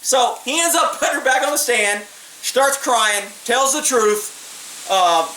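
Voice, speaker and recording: A man's voice: extremely high pitch, slow pace, pushed and bright. A man, a former police officer, telling a story in a blunt, streetwise way and swearing freely. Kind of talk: casual storytelling. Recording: echoey room, mic at a distance, faint hiss.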